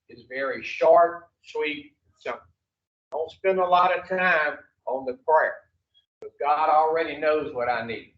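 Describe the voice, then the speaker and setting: Man, recovery class instructor, blunt, swears, quizzes the room, slow-paced, distant mic, echoey room. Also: on the high side, highs cut off. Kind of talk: classroom teaching with call-and-response.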